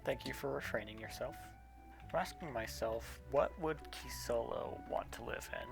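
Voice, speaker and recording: A man's voice: mid-range voice, normal speed, gravelly. A man in a casual gaming chat, wry and teasing with his friends. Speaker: friend on game server. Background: game music.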